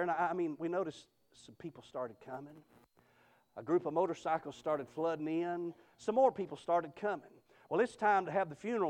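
A man's voice: on the high side, darkish tone. A man preaching a sermon, telling a story with emphatic, rising delivery and frequent amens.

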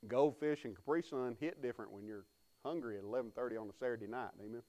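A man's voice: medium pitch, quick pace, warm tone. A man preaching a sermon, telling folksy stories and calling on the congregation to respond. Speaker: pastor.

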